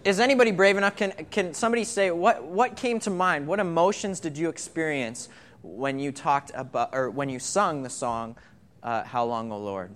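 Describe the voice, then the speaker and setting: A man's voice: a little high, a bit bright. Male pastor, conversational sermon, repeats words, church. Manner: conversational, repeats words when starting phrases. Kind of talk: sermon with congregation interaction. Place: church sanctuary.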